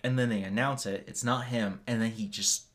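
An American man co-hosting a casual podcast, telling stories with halting restarts. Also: medium pitch, steady tone. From United States. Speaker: podcast co-host. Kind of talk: casual chat.

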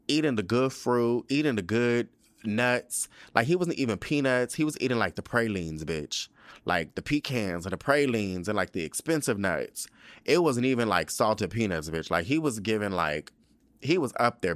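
A young man hosting a podcast, recapping a TV episode in a sassy, profane, animated way and slipping into quick voices for the characters. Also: on the low side, no room sound. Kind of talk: casual recap monologue.

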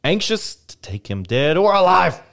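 Lively young man reading history aloud. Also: high-pitched, moderate pace, vocal fry. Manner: reads aloud with playful put-on voices and asides. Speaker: podcast co-host reading history. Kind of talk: casual history podcast reading.

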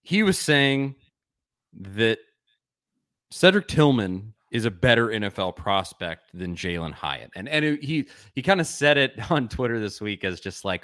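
A man's voice: lowish voice, very animated, measured pace, fairly bright tone, dry recording, clean studio sound. A man hosting a sports podcast, chatting with enthusiasm and rambling a bit as he restarts his sentences. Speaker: podcast host. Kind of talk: casual sports chat.

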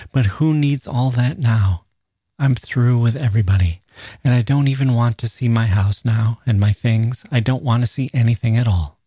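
A man's voice: medium pitch, warm tone, no echo, studio quality, close to an everyday voice. A man reading aloud as a grieving peasant mother, in a plain, slightly raised delivery. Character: grieving peasant mother, middle-aged woman.

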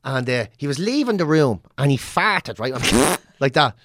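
A man's voice: medium pitch, sing-song, unhurried, noisy background. A man in his forties with a Dublin Irish accent, telling a profane story in casual chat and acting out voices. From Ireland. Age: 40s.

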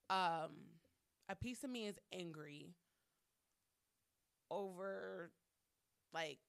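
A woman's voice: fairly low pitch, fairly bright tone. A woman hosting a solo podcast monologue, talking candidly with frequent swearing and repeating lines for emphasis. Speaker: podcast host.

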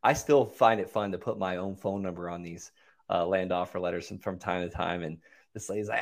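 A man's voice: low voice, a little fast. A man, a land investor, chatting as a podcast guest, walking through numbers and acting out angry callers. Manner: animated storyteller, acts out callers' voices. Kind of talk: casual podcast interview.

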